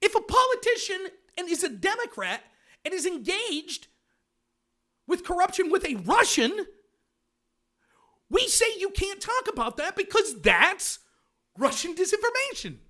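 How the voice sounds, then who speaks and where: Mocking male livestream host from the US, high voice, swings up and down a lot. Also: wildly swooping pitch, unhurried, pauses often, bright, forceful tone. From United States. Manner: sarcastic, mocking, ranting. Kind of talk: livestream commentary reading chat.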